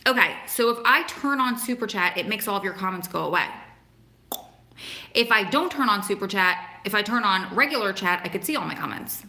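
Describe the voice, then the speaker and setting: Woman chatting away on a home livestream, bright voice, echoey room. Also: medium pitch, lively intonation, brisk. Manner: chatty, talks to viewers by name, reads a poem aloud. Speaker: host of a livestream for prison families. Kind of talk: casual livestream chat.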